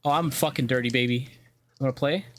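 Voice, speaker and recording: A man's voice: medium pitch, fairly quick. A young man speedrunning a game and narrating it casually, cracking crude jokes, swearing freely and laughing often. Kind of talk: casual gameplay commentary.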